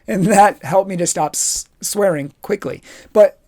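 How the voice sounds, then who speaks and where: A man giving a youth retreat talk, telling personal stories with lively energy and acting out the dialogue. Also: sits high, measured pace. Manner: animated storytelling, acts out dialogue. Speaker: confirmation retreat speaker.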